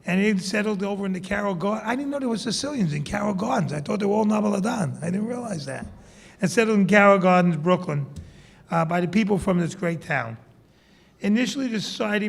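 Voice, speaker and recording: A man's voice: sits high, gravelly, long reverb tail. A man giving a conversational public speech with humorous asides, introducing the honorees. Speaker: event speaker introducing honorees.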